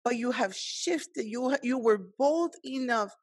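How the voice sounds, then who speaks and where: A woman hosting an interview, speaking slowly and affirming her guest with encouragement. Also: fairly high pitch, expressive, husky, no echo. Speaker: host. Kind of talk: interview talk.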